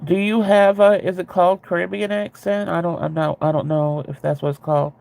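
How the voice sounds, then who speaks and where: Gravelly man chatting casually. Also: sits high, steady tone, brisk, a little mellow. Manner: rambling, candid, laughs easily. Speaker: streamer chatting with viewers. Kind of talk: casual chat.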